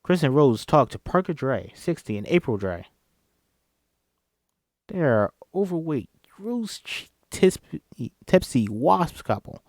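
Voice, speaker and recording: A man's voice: fairly high pitch, sing-song, unhurried, darkish tone, no echo, studio quality. A man reading a screenplay aloud by himself, voicing every part, stumbling over words now and then. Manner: reads all parts himself, stumbling at times. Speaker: script reader. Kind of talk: solo script read-through.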